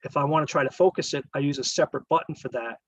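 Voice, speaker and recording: In a relaxed slideshow about photography, a man with a slightly high, husky, fairly bright voice races through loose, rambling explanations, often backing up to correct and rephrase himself. The audio is dull and lo-fi, with no room echo at all.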